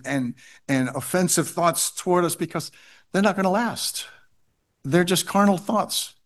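Man preaching, slightly high voice. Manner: repeats key phrases for emphasis, reads scripture aloud. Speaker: pastor. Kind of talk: sermon.

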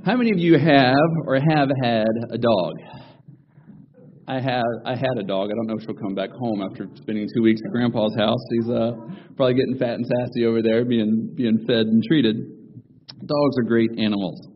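A man preaching a sermon, opening with folksy jokes and stories before slowing down to read scripture. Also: medium pitch, lo-fi sound, a little hiss or hum.

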